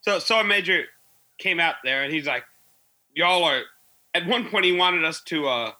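A man's voice: fairly high pitch, expressive, fairly quick, bright, forceful tone, low-quality recording. A young man, an army veteran, telling rambling stories with lots of fillers in a casual podcast chat.

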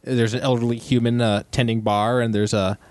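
A man narrating a tabletop role-playing game as game master, with frequent pauses and restarts. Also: mid-range voice, flat delivery, dry recording. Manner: halting, many ums and restarts.

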